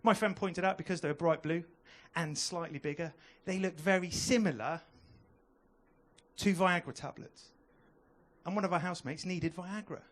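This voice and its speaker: A young man's stand-up set at a comedy club has him chatting with the audience over a handheld mic, with quick asides thrown in. He has a high voice.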